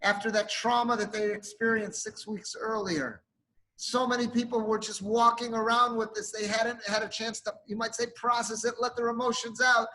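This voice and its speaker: A man's voice: very high voice, little pitch movement, moderate pace, pushed and bright, low-quality recording. A male rabbi giving a sermon, telling an emotive story and sprinkling in Hebrew and Yiddish terms.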